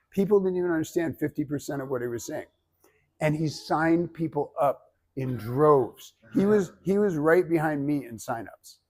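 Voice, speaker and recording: A man's voice: fairly high pitch, darkish tone. A man giving blunt, emphatic feedback as a speaking coach, with some swearing. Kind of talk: workshop feedback.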